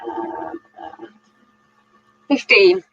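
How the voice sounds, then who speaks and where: A woman's voice: extremely slow, fairly bright tone, dull audio, slight background noise. A woman playing a tabletop game, hesitant and full of uhs. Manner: hesitant, uh-filled. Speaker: player. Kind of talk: casual tabletop role-play.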